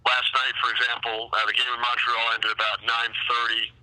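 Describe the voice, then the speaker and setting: Man, hockey announcer, phone-in guest, very bright voice, dry phone line, chatty, tired. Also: medium pitch, monotone, a little fast, no room sound. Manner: friendly, chatty, with many fillers and restarts. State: short on sleep. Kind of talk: phone-in radio interview. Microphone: telephone line. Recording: phone-line call on radio.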